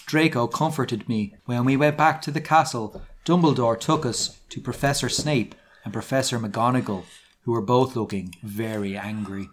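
Male podcast co-host, mid pitch, dramatic deadpan readings of bad fiction. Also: moderate pace, slight background noise. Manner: mock-dramatic reading with sarcastic asides. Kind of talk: casual chat, reading fan fiction aloud.

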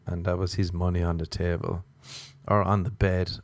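Deadpan Irish man telling a story. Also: sits low, normal speed, no room sound. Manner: deadpan, monotone, casual swearing. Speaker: comedian and podcast host. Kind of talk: comedic storytelling.

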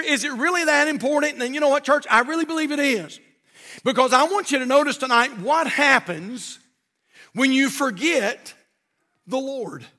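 An older man preaches from the pulpit in a folksy, fervent way, often repeating himself. His voice sits high and sounds bright and forceful. The sound rings with the long reverb of a church sanctuary. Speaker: pastor. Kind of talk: sermon.

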